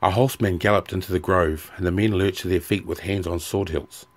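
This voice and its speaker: A man narrating a fantasy novel in a measured, even audiobook reading. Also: low-pitched.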